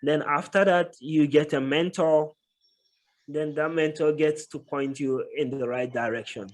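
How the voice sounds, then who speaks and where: A man's voice: on the high side, fairly even intonation. A man giving casual interview answers as a guest, thoughtful and stopping often on "uh" while he explains his work. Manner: thoughtful, many filler pauses. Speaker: guest, tech professional.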